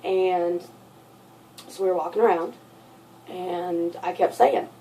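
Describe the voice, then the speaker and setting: A young adult woman telling a personal story in a vlog, halting and looping back over details with lots of fillers. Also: lowish voice, steady tone, dark tone, slight background noise. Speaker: vlogger. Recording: voice sits far from the mic.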